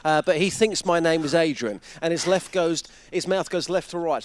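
A man's voice: fairly high pitch, normal speed, hardly any pauses. A man co-presenting a radio show, telling anecdotes and acting out the people in them. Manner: chatty anecdotal storyteller, acts out voices. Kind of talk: casual radio chat.

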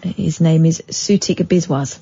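A woman co-hosting a radio show, reading aloud in a dry, patient, steady way. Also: low voice, measured pace, husky, muffled recording. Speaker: radio co-host.

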